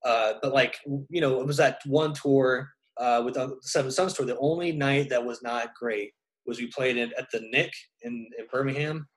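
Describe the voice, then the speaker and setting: A man's voice: mid-range voice, moderate pace, rough recording. Young man, casual chat, rambling storyteller, mid-range voice, touring musician. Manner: rambling storyteller, loose and animated, many restarts. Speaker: touring musician, podcast co-host.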